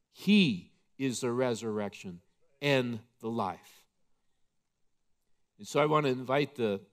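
A male pastor delivering an impassioned, emphatic sermon in church. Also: mid-range voice.

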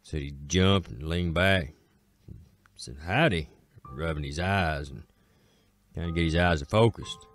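A man with an Appalachian accent telling a folk tale in a slow, drawling way, with dramatic pauses. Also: a bass voice. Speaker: storyteller. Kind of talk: folksy spoken storytelling.

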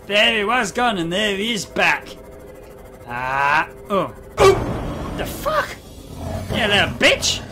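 A man commentating a video game, excitable and sweary, often laughing. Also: high-pitched. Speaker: gamer. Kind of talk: let's play commentary. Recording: game music behind the voice.

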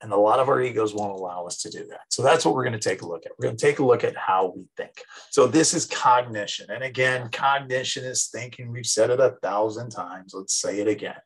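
A man's voice: mid-range voice, a little fast, breathy edge, rough recording. A man in his fifties, a psychology teacher, giving a conversational recorded lecture and acting out everyday examples. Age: 50s.

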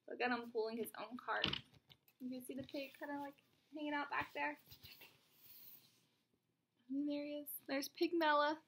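With a high voice, a young woman reads a story aloud to her child at home, a teacher slipping in animated, chatty asides as she goes.

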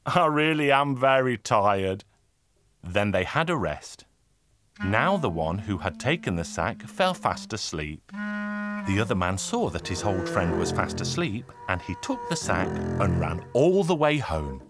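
A man tells a folk tale in a lively, animated storybook manner. His voice sits fairly low but swings widely in pitch. Folk fiddle music plays clearly behind him. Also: measured pace. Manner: lively, voices each figure with raised pitch. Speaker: narrator. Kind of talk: storybook narration.

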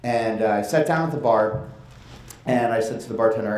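A man's voice: fairly low pitch, moderate pace, darkish tone, roomy sound, low-quality recording. A man giving a conference talk in a blunt, emphatic, conversational way. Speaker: conference presenter.

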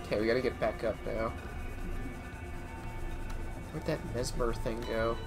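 A man giving chatty let's play commentary, talking to himself as he plays, with quick exclamations and bursts of laughter. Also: medium pitch, flat delivery, over music. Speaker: gaming streamer.

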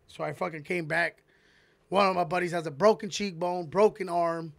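A man hosting a podcast, telling a long story in a rambling, animated way and swearing heavily, on a close mic. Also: sits high, moderate pace, gravelly, no room sound. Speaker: podcast host. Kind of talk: casual storytelling.

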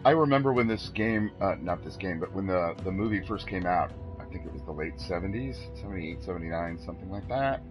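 A man's voice: sits low, lively intonation, brisk, hardly any pauses, over music, rough recording. A man streaming a game, rambling and self-deprecating, exclaiming at what happens on screen. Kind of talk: casual gameplay commentary.

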